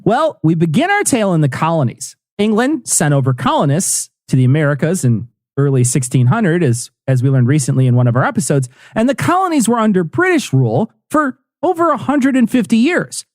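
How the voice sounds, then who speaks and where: A lively, joking man podcasting. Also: sits high, fairly quick, hardly any pauses, dry recording, studio quality. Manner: joking, laughs often. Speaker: podcast co-host. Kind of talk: comedic history podcast chat.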